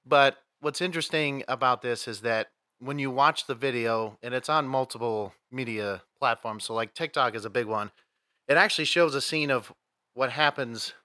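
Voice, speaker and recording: Male podcast co-host, bright voice, rambling storyteller, dry close mic. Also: mid-range voice, moderate pace, no room sound. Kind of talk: casual chat.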